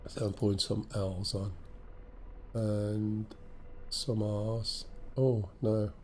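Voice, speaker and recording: A man's voice: on the low side, little pitch movement, very slow, warm tone, a little hiss or hum. A man with an English accent and a stuffy nose from a cold, chatting through a live flight-sim stream, thinking aloud and greeting viewers. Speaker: game streamer.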